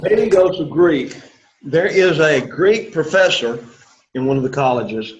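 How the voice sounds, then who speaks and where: A man's voice: on the high side, highs cut off. A middle-aged man teaching a Greek class, lecturing to students in an emphatic way and repeating his key points.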